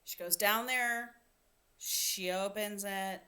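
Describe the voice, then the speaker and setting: Bright-voiced woman retelling a plot. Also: medium pitch, slow. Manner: animated storyteller, acts out quotes, swears casually. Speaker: podcast co-host. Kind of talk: casual chat retelling a novel's plot.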